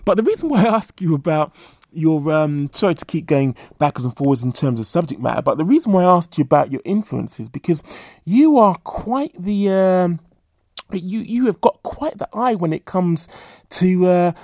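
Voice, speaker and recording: Podcast host, gets all hyped, gravelly voice, dry close sound. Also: medium pitch, moderate pace, no echo. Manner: excitable, rambling, lots of fillers and restarts. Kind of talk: casual podcast interview.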